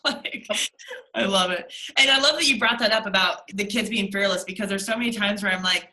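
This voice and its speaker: Bright-voiced, animated young woman. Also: mid-range voice, brisk, reverberant, rough recording. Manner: animated, swears casually, acts out little scenes. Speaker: co-host of a sales team call. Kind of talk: casual motivational chat.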